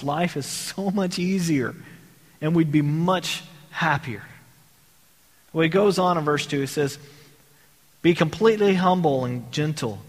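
A man's voice: fairly high pitch, breathy edge. A man from Texas preaching a sermon in a conversational way, asking the congregation rhetorical questions. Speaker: pastor. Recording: long hall reverb.

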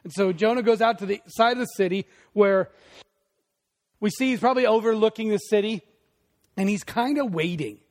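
A male pastor preaching a sermon in a conversational way, with loud bursts, hushed emphasis and frequent asides to the congregation. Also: high-pitched, normal speed.

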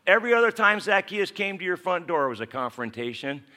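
Male pastor, bright voice, animated storytelling sermon, acts out the characters. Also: high voice, a little fast.

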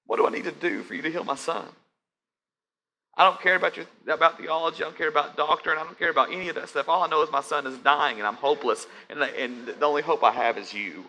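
A man voicing a desperate father begging for his dying son, speaking high and loud in a frantic, pleading way. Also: fast, slight background noise, poor audio.

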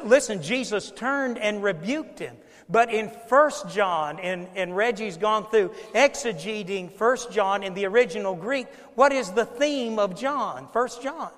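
A man's voice: sits high, animated, measured pace, hardly any pauses, fairly bright tone, long reverb tail. A man preaching a sermon to his congregation in a conversational, emphatic way, often repeating phrases and speaking to the listeners directly.

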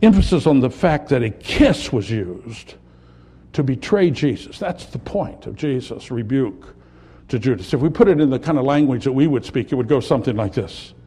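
A man preaching a sermon, building to impassioned peaks and dropping to quiet, reflective lines. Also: mid-range voice, animated, moderate pace, slightly rough. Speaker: pastor.

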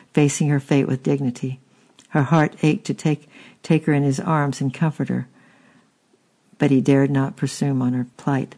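For an audiobook, a man with a medium-pitched voice reads a historical story aloud steadily, occasionally stumbling and repeating a word.

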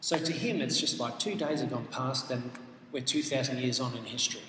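A man's voice: mid-range voice, fairly quick, bright, forceful tone. A man preaching a sermon, earnest and emphatic, reading scripture aloud and explaining it. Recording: echoey hall with faint noise.

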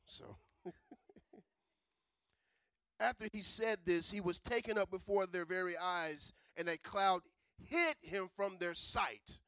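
A man preaching a sermon, chatty and joking, building to loud, emphatic preaching. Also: high voice, takes it slowly, pauses often, smooth, dry recording. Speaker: pastor.

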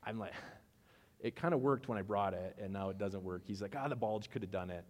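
A man pastor gives a chatty sermon full of personal anecdotes, acting out both sides of the conversations. His voice sits a little low and gets animated as the stories build. The sound carries a long reverb from a large hall. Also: a little fast.

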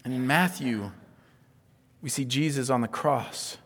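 A pastor preaching a sermon, his delivery swinging from hushed near-whispers to loud, emphatic exclamations. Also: mid-range voice, a little slow, big-room sound.

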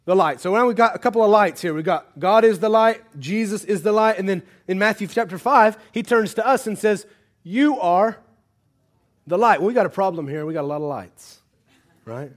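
A man with a high voice preaching to a congregation. He asks the room questions and banters with them. His delivery moves between hushed, earnest passages and loud, urgent calls to act. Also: normal speed. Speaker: pastor. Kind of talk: sermon.

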